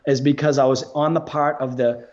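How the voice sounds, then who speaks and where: A man, a guest on a podcast, telling a story in a casual, animated way, swearing and laughing as he goes. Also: fairly high pitch, moderate pace, muffled recording.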